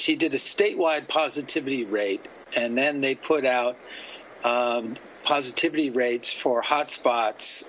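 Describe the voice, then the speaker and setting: A man's voice: mid-range voice, a bit bright. Male reporter, pressing, detailed questions, dull remote audio, faint hiss.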